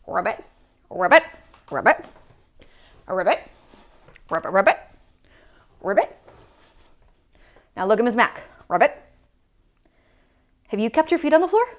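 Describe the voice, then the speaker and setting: A Michigan woman teaches yoga to young children, sounding playful and animated as she speaks to the little ones. Her voice sits a little high.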